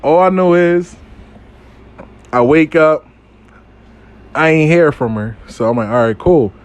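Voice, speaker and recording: Man, casual storytime, animated, profane, acts out quotes, slightly high voice. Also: a little slow.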